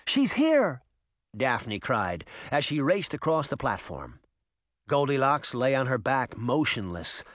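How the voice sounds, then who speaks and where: A man giving an expressive, dramatic audiobook narration. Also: mid-range voice, measured pace, no echo, clean studio sound. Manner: dramatic, animated reading.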